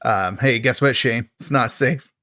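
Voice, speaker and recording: A man's voice: medium pitch, unhurried, pushed and bright, dry recording, clean studio sound. A man hosting a podcast, recapping a film in a rambling, casual way full of fillers and wry jokes. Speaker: podcast host.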